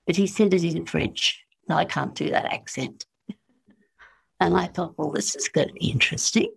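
An Australian woman as an interview guest, telling spiritual stories in a slow, musing way and acting out the voices she quotes. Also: fairly low pitch, animated, vocal fry, slightly rough.

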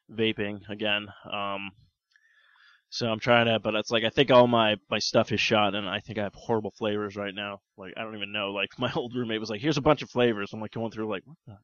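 A man's voice: on the low side, fairly bright tone, smooth, no room sound, highs cut off. A man co-hosting a casual podcast chat, rambling and joking with lots of fillers.

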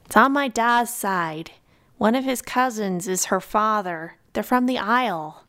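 Woman narrator doing a bashful, earnest young man, unhurried storybook delivery. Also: medium pitch, animated, fairly bright tone. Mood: hesitant. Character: shy, earnest young man, printer's son.

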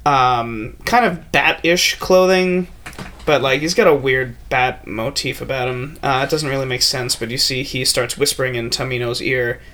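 A man narrating as game master in a casual tabletop game, full of fillers and quick asides. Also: medium pitch, steady tone, pushed and bright, a little hiss or hum. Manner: loose, filler-heavy narration with quick character voices.

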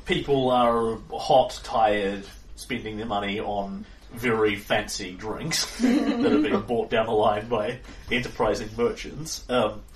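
A man's voice: lowish voice, takes it slowly. Game master guy, chill and rambly, echoey room far from the mic, faint hiss. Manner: relaxed narration with fillers. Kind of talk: narrating a tabletop game.

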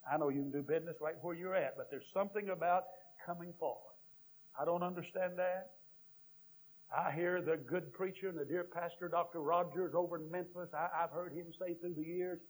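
A man preaches a sermon in a husky voice that sits a little high. He tells a story and then builds to a fervent altar call. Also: rough recording. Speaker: visiting preacher.

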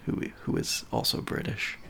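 A man co-hosting a casual podcast, laid-back and slow-spoken. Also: sharp tone, slight background noise. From United States. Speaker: podcast co-host. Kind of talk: casual chat.

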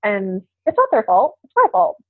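A woman's voice: fairly high pitch, wildly swooping pitch, normal speed, no echo. A woman guest on a podcast interview, speaking in a chatty way with frequent laughs and restarts. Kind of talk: casual interview chat. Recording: tinny phone-like line.

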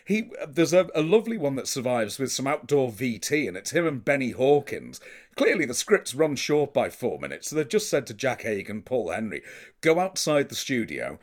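A man chatting as a co-host, his pitch rising and falling a lot as he tells stories. He sounds enthusiastic, then drifts into a wistful tone. He speaks at his own natural pitch. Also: big pitch swings, brisk. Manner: enthusiastic, storytelling, trails off wistfully. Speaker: podcast co-host. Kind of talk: casual chat about old British television.

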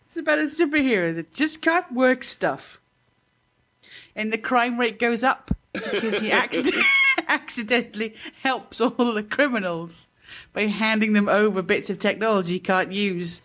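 A woman's voice: mid-range voice, lively intonation, normal speed, fairly bright tone. A woman with a British accent co-hosting a podcast, teasing and making silly voices. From Britain. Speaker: podcast co-host. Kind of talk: casual banter.

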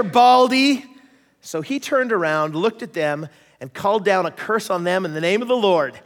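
A man preaching a sermon, telling stories in a lively, joking way and acting out voices. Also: sits high. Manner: animated, jokey, acts out voices in stories. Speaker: pastor. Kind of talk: sermon with storytelling. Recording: long hall reverb.

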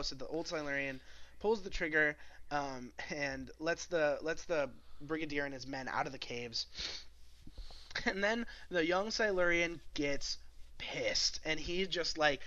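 A man's voice: on the high side, unhurried, sharp tone, dull audio. A man co-hosting a podcast, recapping an episode in a rambling casual chat full of fillers and laughs. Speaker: podcast co-host.

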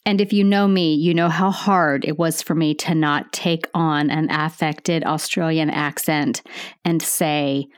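A middle-aged woman, a nurse, hosting a teaching podcast in a slow, calm and friendly way. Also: low voice, smooth. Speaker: nurse educator and podcast host.

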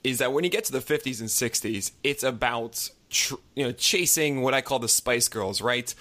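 A man co-hosting a podcast, arguing his rankings in casual debate, talking quickly with many restarts. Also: medium pitch, bright, forceful tone. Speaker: fantasy baseball podcast co-host.

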